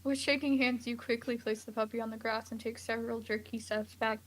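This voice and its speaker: A woman's voice: fairly high pitch, fairly even intonation, brisk. A young woman streamer reading a text horror game aloud, playful and laughing often, cooing at pets in baby talk. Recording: music playing behind the voice.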